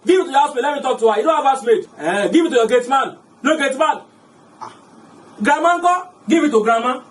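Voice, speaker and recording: A man doing a shrill, bossy Nigerian elder. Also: expressive, fast talker, distant mic. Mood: joking. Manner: loud, teasing, mixing Pidgin and Yoruba. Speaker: comedic skit actor. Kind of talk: comedy skit acting.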